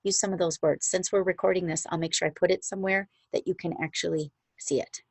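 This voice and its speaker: Upbeat middle-aged woman, low voice, dry video-call sound, pep-talking her sales team. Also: steady tone, quick pace, no room sound. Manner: upbeat, encouraging, chatty with asides.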